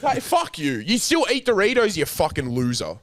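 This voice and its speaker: A man's voice: sits high, huge pitch swings, normal speed, a bit bright. A young Australian man in casual podcast banter, teasing and swearing a lot. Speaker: co-host.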